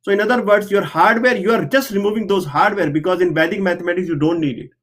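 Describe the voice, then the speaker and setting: A man's voice: sits high, quick pace, fairly bright tone. A man, an engineer and researcher, speaking as an interview guest, explaining things earnestly and often checking in with "right?". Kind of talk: explanatory conversation.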